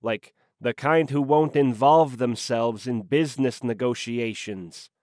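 A man narrating a hard-boiled noir audiobook in a wry, slangy, deadpan manner on a close microphone. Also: medium pitch, measured pace, no echo.

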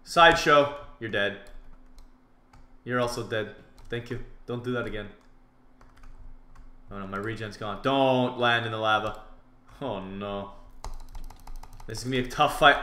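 A man giving jokey, excitable commentary over his own gameplay, muttering through menus and shouting in fights. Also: fairly low pitch, measured pace, pauses often, roomy sound. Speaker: gaming commentator. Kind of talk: live game commentary.

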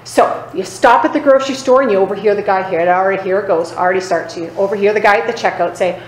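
Emphatic woman preaching in an echoey room. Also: fast talker. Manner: emphatic, repeatedly asking "Right?" for agreement; acts out other people's lines in lower, quieter voices. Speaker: Bible teacher. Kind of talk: sermon. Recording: echoey room, faint background noise.

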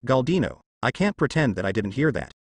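A man voicing a boastful, cowardly clown pirate captain in a storybook reading, loud and brash. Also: mid-range voice, sing-song, a little fast, slightly rough, dry recording.

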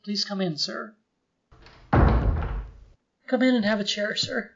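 An actor playing a timid, meek office artist who stammers nervously and apologizes in a radio drama re-creation. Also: male voice, high voice, slow pace, gravelly, background noise, heavily acted. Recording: dull lo-fi radio-style recording.

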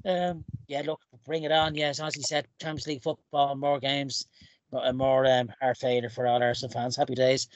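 A man's voice: medium pitch, flat delivery, normal speed, dry recording, highs cut off. A man hosting a podcast in a chatty, casual way, laughing easily. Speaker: podcast host. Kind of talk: casual chat.

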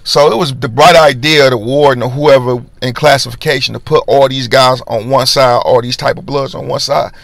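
Gravelly man telling a story. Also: mid-range voice, brisk, hardly any pauses, dry recording. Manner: animated, slangy, acts out voices in his story. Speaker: podcast host telling a personal story. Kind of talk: casual storytelling monologue.

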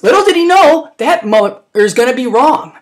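A woman's voice: sits high, big pitch swings, moderate pace. A woman gives a rambling, slangy comic recap of a horror movie, full of mock outrage. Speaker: amateur movie reviewer.

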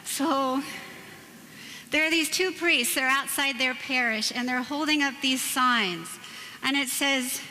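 A woman's voice: high voice, slow pace, pushed and bright. A woman in her forties giving a Catholic talk in a church, telling stories and jokes with playful asides to the audience. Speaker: Catholic speaker. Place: church hall. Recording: reverberant church with faint background noise.

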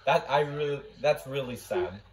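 A young man hosting a live race watch-along, shouting and cheering at the finish, then turning quiet and emotional, close to tears. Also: mid-range voice, expressive, normal speed. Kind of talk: live race reaction chat.

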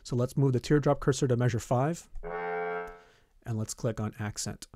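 A man, a band teacher, walking students step by step through a music notation program, often pausing with "okay" and "all right". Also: medium pitch. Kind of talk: screen-recorded software tutorial.

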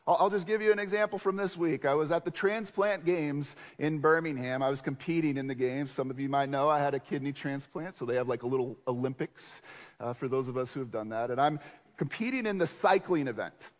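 A man preaching a sermon in a conversational, animated storytelling way. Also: a little high, fairly quick. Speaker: pastor. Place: church sanctuary. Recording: long church reverb.

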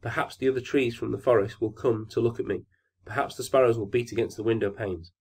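Wistful storybook fir tree, young, impatient and earnest, read by a man, with a husky voice. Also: medium pitch, steady tone, fast talker, a little mellow. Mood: eager. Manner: earnest, longing musing.

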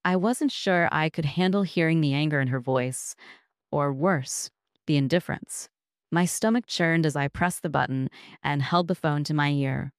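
A woman narrating a first-person story in a measured, reflective way. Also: deep voice, clean tone, dry recording, clean studio sound.

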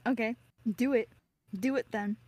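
Woman friend, giggly and teasing, slightly high and very lively, dry close mic. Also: moderate pace, no room sound. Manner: giggly, teasing, lots of exclamations. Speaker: friend on stream. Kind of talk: casual chat. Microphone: own microphone.

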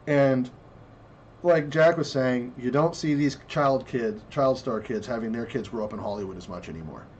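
A man's voice: mid-range voice, moderate pace, darkish tone, lo-fi sound, a little hiss or hum. A man co-hosting a casual podcast discussion, talking in a blunt, crude and rambling way. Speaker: podcast co-host.

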